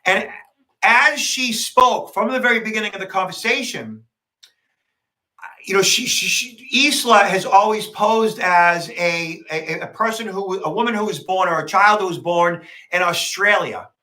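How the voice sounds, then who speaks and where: A man co-hosting a podcast, telling a story in casual conversation, animated and emphatic. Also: sits high, a little slow. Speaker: podcast co-host, security expert.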